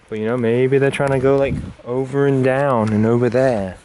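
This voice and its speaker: A man's voice: medium pitch, steady tone, normal speed, darkish tone, slight background noise. A man vlogging outdoors on an uphill trail, slightly out of breath, rambling with lots of fillers, recorded on a handheld camera. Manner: rambling, musing, with filler words. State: panting from climbing uphill. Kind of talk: casual talk while hiking.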